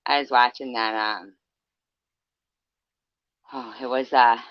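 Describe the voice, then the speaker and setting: A woman's voice: a bass voice, steady tone, slow, clean tone, no echo. A woman chatting casually to her livestream viewers, laughing often and swearing freely. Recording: dull dry stream audio.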